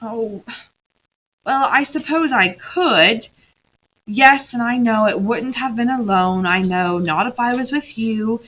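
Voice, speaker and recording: A woman reading aloud and voicing a young girl, eager and emotional, pleading in a high, excited voice. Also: slow pace, muffled recording.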